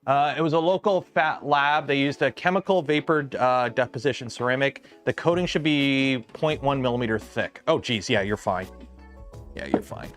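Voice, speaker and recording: A man's voice: medium pitch, moderate pace, few pauses, a bit bright. Man, casual livestream host, garage workshop, rambling with ums, faint music behind. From lives south of Detroit. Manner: rambling, chatty, many ums and restarts. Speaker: livestream host building a 3D printer.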